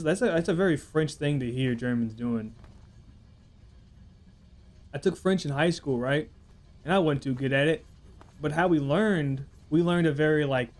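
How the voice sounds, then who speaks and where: A young man streaming a game, chatting casually, joking and swearing while he rambles and reacts to chat. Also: fairly high pitch. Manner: rambling, profane, reads chat aloud and jokes. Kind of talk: casual live gameplay commentary.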